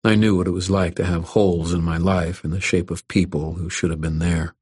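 A man narrates a first-person story at a measured, even pace. His voice sits very low and carries a husky grain. The recording is dry and close, with no room echo. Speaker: audiobook narrator.

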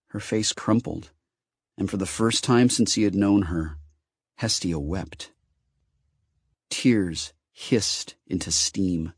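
A man's voice: deep voice, measured pace, a little mellow, slightly rough, dry recording, clean studio sound. A man narrating a novel as an audiobook, reading expressively.

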